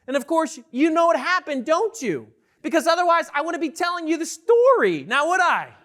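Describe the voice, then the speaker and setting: Energetic male keynote speaker, very high bright voice, quizzes the audience. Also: normal speed. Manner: energetic, questions the audience often. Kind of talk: conference keynote talk. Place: large conference hall with an audience.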